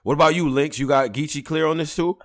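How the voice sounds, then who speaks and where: A man with a raspy voice, hosting a casual podcast in a laid-back way. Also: a little high, quick pace. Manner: laid-back, loose, many fillers. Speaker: podcast host.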